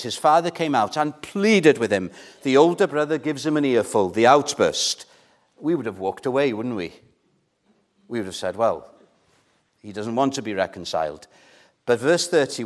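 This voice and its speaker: A man preaching a sermon in a church, earnest and measured, pressing his points with questions to the congregation. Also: mid-range voice.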